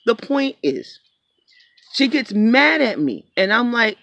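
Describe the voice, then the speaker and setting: A man's voice: very high-pitched, big pitch swings, takes it slowly, bright, forceful tone, dry recording, dull audio. A man vlogging about his small business, telling a story in a casual, profane rant with acted-out quotes.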